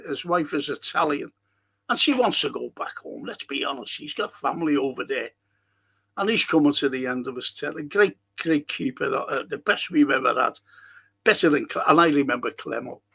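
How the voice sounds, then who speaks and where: A man's voice: fairly high pitch, lively intonation, moderate pace, gravelly, fairly bright tone, slightly rough. An older man hosting a live podcast, reading viewer comments and talking in a rambling, passionate way, swearing freely. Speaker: podcast host.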